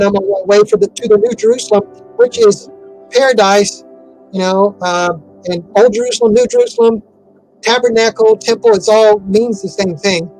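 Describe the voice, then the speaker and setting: High-voiced man, rambling. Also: poor audio. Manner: rambling, many fillers and restarts. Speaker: interview guest. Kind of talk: casual interview talk.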